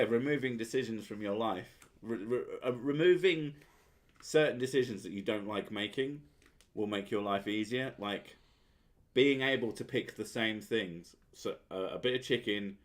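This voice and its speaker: A man hosting a casual chat, sweary and sardonic, often laughing at his own jokes. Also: on the low side. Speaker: podcast host.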